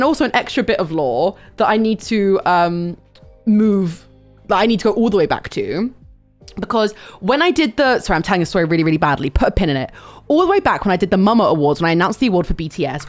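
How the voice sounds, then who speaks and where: In a long, animated, laid-back telling, a young woman on a stream curses and now and then lets out a sudden shrill squeal.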